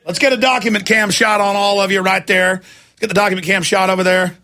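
A man hosting a live talk radio show, loud and hyped, shouting during a fundraising pitch. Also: flat delivery, fast talker.

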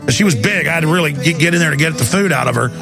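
A man, hosting a talk radio show and ranting heatedly, with fast bursts and repeated words. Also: fairly high pitch, expressive, gravelly, music in the background. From Texas.

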